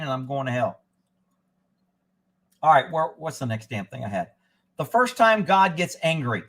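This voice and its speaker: A man hosts a casual live stream in a high-pitched voice. He rants with sarcasm and his pitch swings widely, dropping to a mutter when he reads, then rising sharply when he argues back. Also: a bit bright. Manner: sarcastic, ranting, mutters while reading aloud. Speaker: livestream host. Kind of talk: casual live-stream commentary, reading chat.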